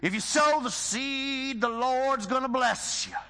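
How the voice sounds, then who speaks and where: A man mimicking a boastful male televangelist preacher with a Southern accent, loud and high with a drawn-out preaching cadence. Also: in a large hall, heavily acted.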